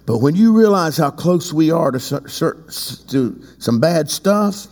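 Preacher with a high voice in a hall. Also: male voice, lively intonation, measured pace. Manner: conversational preaching, swings to loud emphatic outbursts. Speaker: bishop and pastor. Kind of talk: sermon. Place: church sanctuary. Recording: long reverb in a large hall.

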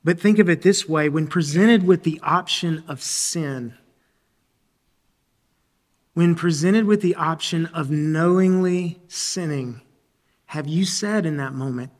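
A man's voice: on the high side, slow pace. Earnest male pastor in a reverberant hall. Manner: earnest, repeats and restarts words, clears throat often. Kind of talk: sermon.

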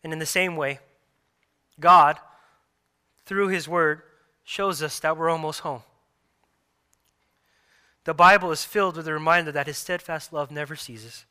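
A man in his thirties, a pastor preaching a sermon earnestly, repeating phrases and restarting softly. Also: a little high, fairly even intonation, a little slow, pauses often, clean tone.

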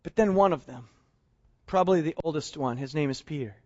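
High-voiced storytelling pastor. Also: male voice, fairly quick, lo-fi sound. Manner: lively storytelling, acts out dialogue. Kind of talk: sermon.

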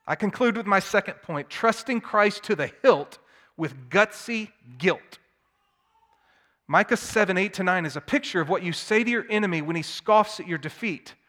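A man preaching a sermon, swinging from hushed tones to loud, emphatic declamation. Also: high voice, expressive, moderate pace. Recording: long hall reverb.

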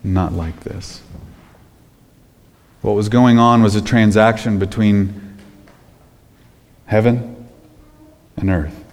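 A man preaching a sermon, emphatic, dropping to hushed low phrases and then rising to loud ones. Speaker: pastor. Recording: long hall reverb.

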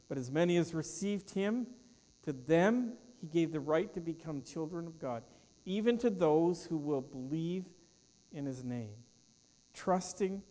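A man's voice: a little high, mellow, long reverb tail. A man preaching a sermon as pastor, with an emphatic cadence that trails off at the ends of phrases. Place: church.

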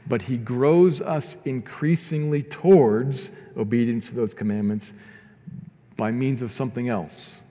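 A man's voice: mid-range voice, a little slow, dark tone, in a large hall. A man preaching a sermon as pastor, earnest and often repeating words as he builds his points.

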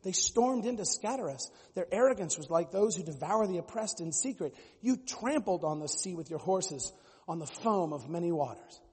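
Husky-voiced pastor preaching. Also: male voice, sits high, normal speed, long reverb tail. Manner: animated preaching, mimics voices. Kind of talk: sermon.

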